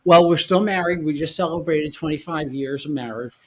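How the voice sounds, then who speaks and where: A man in his forties, a podcast guest, telling his own story in a halting way, often repeating words as he goes. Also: on the high side. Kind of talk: candid personal storytelling.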